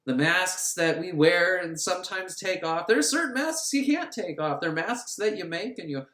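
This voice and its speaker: A man's voice: high-pitched, lively intonation, normal speed, sharp tone. A man voicing a bitter, brooding masked husband in a melodramatic voice in a roomy space. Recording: roomy echo.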